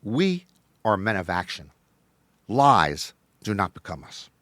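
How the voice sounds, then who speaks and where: A man hosting a show with a scripted comic monologue, wry and deadpan with sudden emphatic bursts. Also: lowish voice, slow pace, no echo. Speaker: host.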